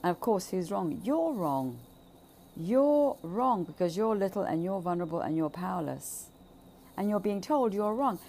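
A woman giving an impassioned, emphatic monologue, swearing freely, repeating phrases and swinging between loud bursts and hushed asides. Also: medium pitch, lively intonation, moderate pace, a little hiss or hum. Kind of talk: impassioned monologue on childhood trauma.

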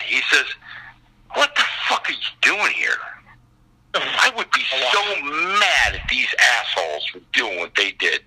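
An older man, a guest actor, telling stories in a casual chat on a call, profane and animated. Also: on the high side, gravelly, slightly rough, low-quality recording.

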